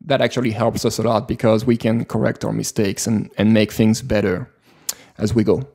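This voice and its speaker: Mellow-voiced man with a French accent. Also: on the low side, normal speed, creaky, slightly rough. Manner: relaxed, rambling with many fillers. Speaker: podcast co-host. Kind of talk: casual podcast chat.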